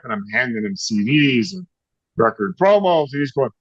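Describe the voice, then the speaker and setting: A man's voice: mid-range voice, very animated, moderate pace, gravelly, husky, dry recording. A middle-aged man, a rock singer as an interview guest, animatedly telling an anecdote, often laughing and acting out the people in it. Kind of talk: anecdotal storytelling. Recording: dry, slightly dull lo-fi sound.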